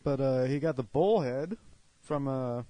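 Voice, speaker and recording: A man's voice: medium pitch, measured pace, warm tone, no echo. A man co-hosting a casual review chat in a laid-back, matter-of-fact way. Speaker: co-host.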